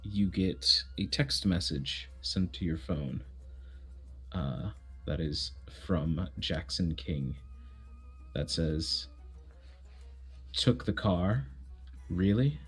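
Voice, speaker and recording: Gm guy narrating a tabletop game, lowish husky voice, loose and casual. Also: slow, a bit bright, faint music behind. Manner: casual, self-correcting. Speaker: game master.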